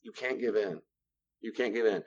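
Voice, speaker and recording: A man's voice: lowish voice, moderate pace, darkish tone, lo-fi sound. A man teaching a class on personal boundaries in a conversational lecture style, repeating phrases for emphasis. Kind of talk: classroom lecture with role-play.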